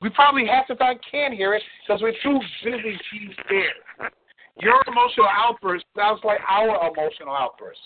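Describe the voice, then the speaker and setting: A man lectures frankly about relationships and hammers his points home by repeating words. His voice sits a bit high. The sound is thin and phone-like. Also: expressive, moderate pace, slight background noise. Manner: blunt, preachy, repeats words for emphasis. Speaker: relationship coach. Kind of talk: frank advice on a call-in show. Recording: tinny phone-line sound.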